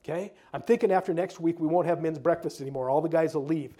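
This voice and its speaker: A man's voice: a little high, quick pace, dark tone. A male pastor preaching a conversational sermon, with casual asides and repeated words.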